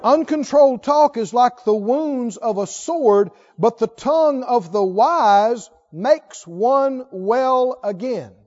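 A man preaching a sermon with animated delivery, leading the congregation in call-and-response. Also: extremely high pitch, takes it slowly, few pauses, lo-fi sound. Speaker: pastor.

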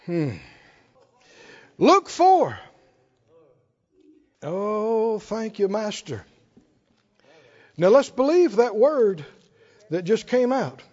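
High-pitched preacher guy, sermon, keeps asking the crowd if that's right, kinda muffled recording. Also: lively intonation, slow pace, pauses often, dark tone, big-room sound. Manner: rhetorical, asks the congregation to respond.

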